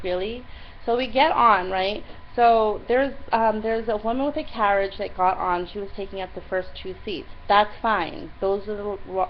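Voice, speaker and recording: A young woman recounts her day in a loose, diary-style chat, quoting what she said with exasperated energy. Her voice sits at an ordinary pitch, and the recording sounds a little dull and lo-fi, with a faint hiss behind her. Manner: animated, exasperated retelling with many "I'm like" quotes. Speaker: vlogger. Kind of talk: casual diary-style storytelling.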